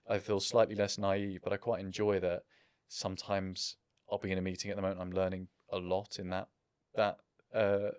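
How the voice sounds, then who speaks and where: A man's voice: deep voice, a little mellow, dry recording, studio quality. A man in his thirties, a business founder, talking in a casual interview in a reflective, self-deprecating way.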